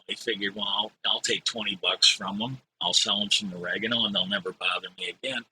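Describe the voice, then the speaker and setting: A man's voice: mid-range voice, bright, forceful tone, slight background noise, poor audio. A middle-aged man and streamer telling stories in a casual, rambling way, swearing now and then. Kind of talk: casual storytelling.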